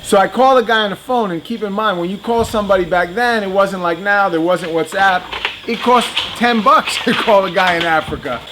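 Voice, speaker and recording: A man's voice: sits high, brisk, pushed and bright, a little hiss or hum. A man in his fifties casually telling a personal story, chatty and laughing often, talking straight to young viewers. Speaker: reptile business owner.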